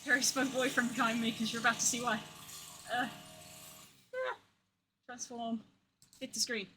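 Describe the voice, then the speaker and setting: A woman streaming from home, chatting casually and getting excitable and gushing, with squeals and swearing. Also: a little high, moderate pace, background noise. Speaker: art streamer. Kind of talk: casual live-stream chat.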